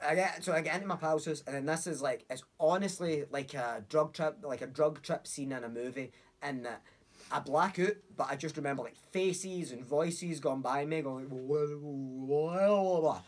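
A young man with a Glasgow accent, telling a story in a casual chat, animated, acting out voices and swearing freely. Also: a little high, normal speed. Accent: Scottish, Glasgow. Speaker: podcast guest.

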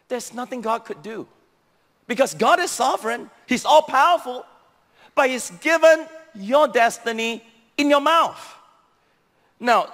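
Pastor guy preaching, lively, acts out bible voices, big echoey church hall. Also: very high-pitched. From Singapore. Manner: animated preaching, acting out Bible voices, addresses the congregation. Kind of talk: sermon. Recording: long hall reverb.

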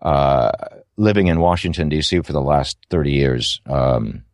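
Very deep-voiced man. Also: animated, measured pace, vocal fry, a little mellow, no echo, studio quality. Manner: thoughtful, rambling with many restarts and fillers. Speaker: audiobook narrator. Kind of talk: interview answers.

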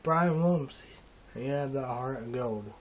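In a laid-back vlog, a man with a mid-range voice works through an emotional, faltering monologue, rambling, drifting off mid-thought, and restarting frequently.

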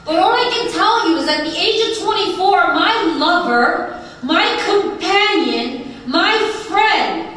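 A woman's voice: very high voice, animated, takes it slowly, fairly bright tone. A woman giving an emphatic personal testimony at a recovery meeting, with rhythmic repeated lists. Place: large conference hall. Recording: very echoey hall, voice from far off.

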